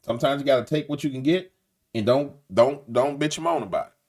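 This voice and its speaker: A man's voice: mid-range voice, fast. A man giving an opinionated monologue as a political commentator, blunt and colloquial, slipping into a preacher's cadence. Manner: animated, slips into preacher cadence; blunt colloquial talk with repeated phrases.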